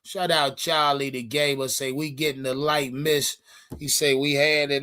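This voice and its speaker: A man's voice: mid-range voice, moderate pace. A man hosting a live sports stream, chatting casually and profanely with his viewers. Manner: profane, animated, addresses chat directly.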